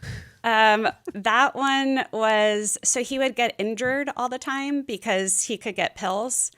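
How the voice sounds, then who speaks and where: A woman's voice: on the high side, slow, fairly bright tone, smooth. A middle-aged woman speaking as a podcast guest, telling her story candidly and rambling a little, with plenty of fillers. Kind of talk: casual interview chat.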